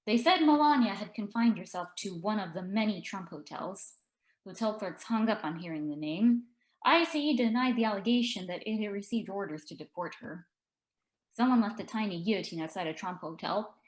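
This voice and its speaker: A woman author reading her own story aloud in an expressive, dry narrating voice. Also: mid-range voice, normal speed. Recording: echoey room.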